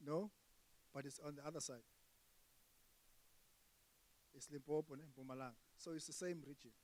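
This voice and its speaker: High-voiced South African stand-up comic. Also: male voice, fast, rough recording. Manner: animated, swings between loud outbursts and hushed asides. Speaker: stand-up comedian. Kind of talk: stand-up comedy with crowd work.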